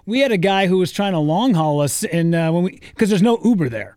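A man's voice: high voice, expressive, brisk, darkish tone, no room sound. A man in his thirties co-hosting a radio show, chatting and acting out the lines of people in his stories. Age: 30s. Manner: chatty storyteller who acts out other people's lines. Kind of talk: casual radio banter.

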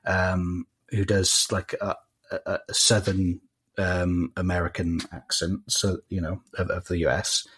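Soft-spoken South Welsh man. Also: low-pitched, little pitch movement, a little slow, slight background noise. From Wales. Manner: hesitant, many fillers and restarts. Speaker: podcast guest. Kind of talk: casual podcast chat.

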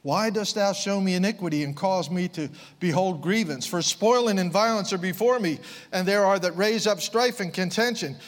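A man preaching a sermon, fervent, swinging from quiet, low passages to impassioned raised outbursts. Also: moderate pace, long reverb tail.

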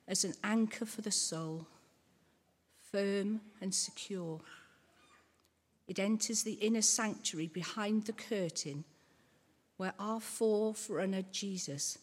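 A woman reading a Bible passage aloud in a measured, solemn way during a church service. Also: mid-range voice, slightly rough. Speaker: scripture reader. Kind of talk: scripture reading. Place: church hall. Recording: long hall reverb.

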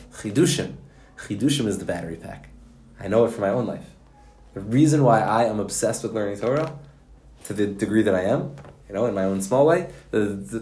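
A man who teaches at a yeshiva, giving a Torah lesson in a folksy, animated storytelling manner, with Hebrew and Yiddish terms mixed in. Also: on the low side. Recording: roomy echo.

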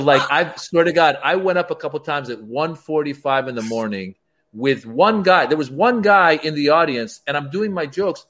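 A stand-up comedian telling stories as a guest, acting out the dialogue in raised voices. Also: male voice, fairly high pitch. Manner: animated, acts out quoted dialogue in raised voices. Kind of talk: storytelling as a podcast guest.

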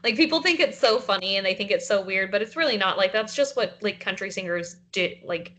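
A woman's voice: mid-range voice, expressive, fairly quick, pushed and bright. A young woman from South Carolina with a light Southern accent, chatting casually as a podcast co-host and using many fillers. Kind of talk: casual chat.

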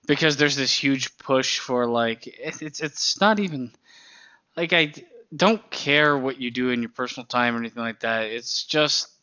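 A man's voice: mid-range voice, pushed and bright. A man co-hosting a podcast in casual chat, swearing often and laughing between his points. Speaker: podcast co-host. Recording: dull, lo-fi sound.

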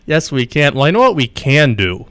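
A man with a Western New York accent hosts a radio show, bantering and laughing easily. His voice is bright and forceful with lively pitch. It sounds dry and close, straight into a studio mic. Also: no room sound. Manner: jokey, laughs often. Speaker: radio host.

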